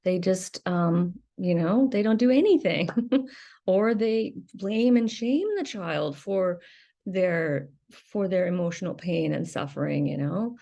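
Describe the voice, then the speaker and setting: A woman hosting a reflective personal monologue about her recovery, candid and hesitant, with many pauses and fillers and a blunt edge. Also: lowish voice, creaky, warm tone, highs cut off. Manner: candid, hesitant, many ums, swears when angry. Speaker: video host sharing recovery experience.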